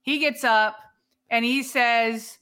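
Female co-host, casual sports talk. Bright, a little high, leads with long questions. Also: fairly even intonation, takes it slowly, clear, resonant tone. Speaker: podcast co-host. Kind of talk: casual podcast chat.

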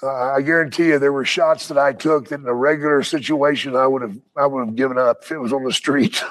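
An older man, a retired wrestler and podcast guest, telling stories in a casual, profane, animated way with frequent laughs. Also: mid-range voice, fast, few pauses, poor audio. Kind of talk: casual storytelling.

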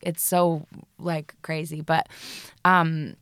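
A woman's voice: low voice, flat delivery, slow pace, fairly bright tone, clear, resonant tone, no echo, studio quality. An American actress in her thirties, chatting as a guest in an interview, bubbly and laughing often. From United States. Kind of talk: casual interview chat.

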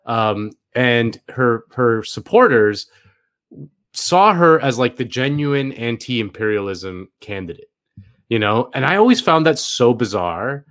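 A man's voice: mid-range voice, sing-song, measured pace, fairly bright tone. A man co-hosting a casual political podcast, rambling and wry, with many fillers. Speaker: podcast co-host.

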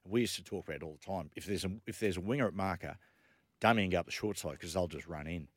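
A deep-voiced man tells lively stories on a radio show, acting out the lines of the people in them. His voice sits very low, and the sound is close and dry with no room behind it. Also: fast talker, no room sound. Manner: animated anecdotes with acted quotes. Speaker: radio co-host. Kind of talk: casual storytelling on radio.

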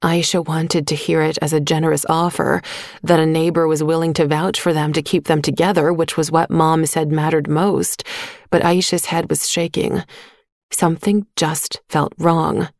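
Woman reading a story, lowish voice, dead dry studio sound. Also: level tone, moderate pace, darkish tone, dry recording. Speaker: audiobook narrator. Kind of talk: scripted narration.

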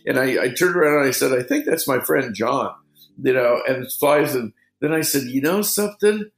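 A middle-aged fishing guide with a gravelly edge and a brisk, mid-range voice tells loose fishing stories in a relaxed interview. He wanders through his anecdotes, sprinkling in "you know," while the room rings with echo.

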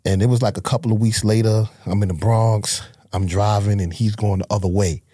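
This Harlem, New York native, middle-aged, speaks briskly in a husky voice, captured cleanly in the studio without echo. Telling his life story in a casual interview, he animates quoted voices like a street storyteller, swinging widely in pitch.

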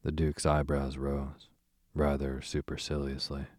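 A man calmly reading a story aloud to help listeners fall asleep. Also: a bass voice, moderate pace, no echo, clean studio sound. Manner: calm, soothing reading for sleep. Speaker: narrator.

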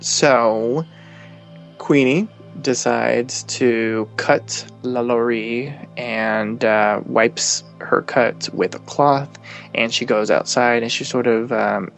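Male podcast co-host, unhurried, gravelly tone, faint music behind; casual, rambling episode recap with quoted lines. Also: medium pitch. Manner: meandering retelling, quotes the characters' lines.

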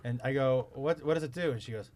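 A mid-range, quick-paced male voice belongs to a podcast co-host telling stories casually. He's animated, profane, and plays out other people's lines as he goes.

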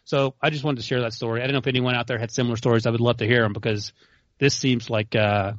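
A man co-hosting a podcast, telling a story in relaxed casual chat and laughing easily. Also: mid-range voice, quick pace, no room sound. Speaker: podcast co-host. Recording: dull, dry sound.

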